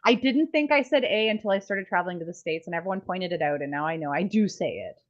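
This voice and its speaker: A woman's voice: lowish voice, quick pace, muffled recording. A Canadian woman co-hosting a podcast, chatting casually in a rambling, self-deprecating way. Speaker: podcast co-host. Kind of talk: casual chat.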